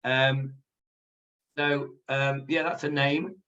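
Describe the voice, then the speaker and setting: The man leading the Talmud class over video speaks slowly with a flat delivery, his mid-range voice pushed and bright. Recorded from a distance on dull lo-fi sound, he still chats freely, explaining Hebrew words to his students.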